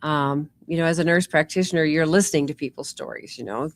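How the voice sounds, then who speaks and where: A woman's voice: deep voice, fast. A middle-aged woman, a nurse practitioner guest telling her story in a chatty way with many fillers. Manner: chatty, warm storytelling with fillers like "you know" and "um". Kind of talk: casual interview storytelling.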